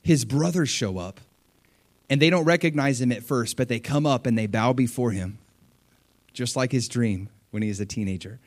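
A man preaching a sermon, retelling a scripture story with animated, acted-out dialogue. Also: mid-range voice, moderate pace. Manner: animated storytelling, acting out voices. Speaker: pastor.

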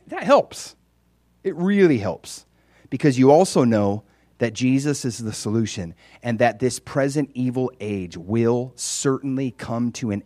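A man delivering a casual, conversational sermon in a dry, close-sounding space. His voice sits in an ordinary middle range, swinging from hushed asides to loud, emphatic peaks. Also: mid-range voice, no echo. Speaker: preacher.

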